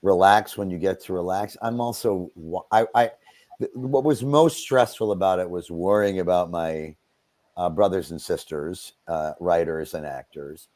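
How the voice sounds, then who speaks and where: A middle-aged man, a voice actor, talking as a guest on a radio show in a relaxed, self-deprecating way, with halting fillers. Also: deep voice, dry recording. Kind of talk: radio interview. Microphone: studio mic.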